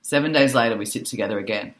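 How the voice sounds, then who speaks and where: A woman social worker and author, a guest on a podcast, telling animated stories about teaching teenagers and laughing easily. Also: very deep voice, racing. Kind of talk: conversational interview.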